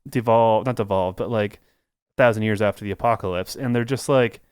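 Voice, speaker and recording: A man with a lowish, smooth, clean voice chats casually as a podcast co-host. He rambles along, stacking "like"s and restarting his sentences. The sound is close and dry. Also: brisk, a little mellow, dry recording.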